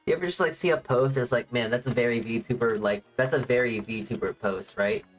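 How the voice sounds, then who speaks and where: A woman's voice: extremely low pitch, fairly quick. A woman streamer chatting casually, rambling and often restarting her sentences, with faint music playing behind her. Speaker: VTuber streamer. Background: faint background music.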